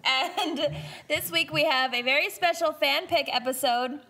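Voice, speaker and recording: A woman's voice: high voice, measured pace, sharp tone. A young adult woman co-hosting a podcast in casual chat, often laughing through her words. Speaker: podcast co-host.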